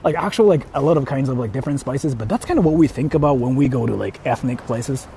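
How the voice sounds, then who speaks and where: A man's voice: medium pitch, animated, fast, vocal fry, warm tone, slight background noise. A man streaming live while walking outdoors, chatting casually and rambling between laughs as he reads out viewer donations.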